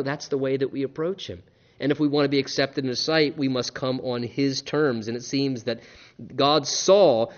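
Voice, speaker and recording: A man preaching a sermon with earnest, animated delivery. His voice sits somewhat high, and he stumbles into repeated words and fresh starts. The recording sounds dull and lo-fi. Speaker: pastor.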